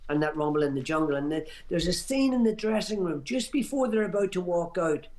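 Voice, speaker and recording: Pundit, 60s, slightly high voice, emphatic reminiscing on radio talk. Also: male voice, lively intonation, a little fast, a little mellow. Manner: emphatic, reminiscing, restarts phrases often. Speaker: boxing pundit. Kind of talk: radio talk show chat.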